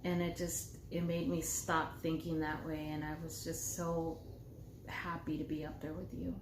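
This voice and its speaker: A woman's voice: sits low, level tone, normal speed. Woman, co-pastor, casual chat, playful, echoey room, faint hiss. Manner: chatty and playful, teasing. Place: home room.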